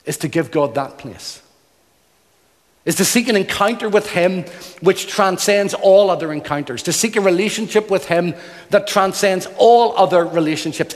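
A man preaching a sermon in earnest, building emphasis through repeated phrases. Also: sits high. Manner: earnest, emphatic, rhythmic repetition. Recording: long hall reverb.

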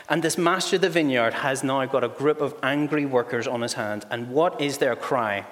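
A man preaching a sermon in a lively, humorous storytelling style, acting out the voices of the people in his stories. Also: medium pitch, moderate pace, few pauses. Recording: long echoey hall reverb.

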